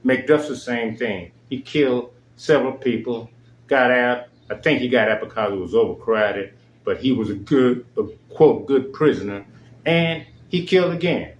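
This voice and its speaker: Furious male show host, emphatic rant, middle pitch, roomy echo. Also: expressive, moderate pace, muffled recording, slight background noise. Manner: indignant, emphatic. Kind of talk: angry monologue. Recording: echoey room.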